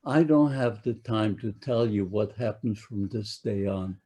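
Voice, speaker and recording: Slow, husky very old man. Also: lowish voice, mellow. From Poland. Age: 90s. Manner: slow, halting, repeats words when searching. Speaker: Holocaust survivor giving a talk. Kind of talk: personal testimony to an audience.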